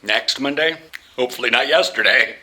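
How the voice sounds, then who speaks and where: A vlogger walks through a city and a park, talking into a handheld camera in a casual, chatty way, joking and swearing often. His voice is loud and booming and fairly quick, with no echo, but the audio is poor, with street noise, passing traffic and trams behind him.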